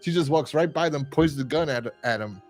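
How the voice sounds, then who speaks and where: A man's voice: fairly high pitch, a little fast, faint music behind. A man co-hosting a casual review podcast, retelling scenes with lots of fillers and quoted lines. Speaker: podcast co-host. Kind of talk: casual chat.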